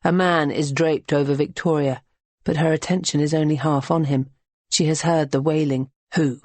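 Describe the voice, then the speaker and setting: A woman narrating an audiobook in a measured, even reading. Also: sits low, no echo. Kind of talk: scripted narration.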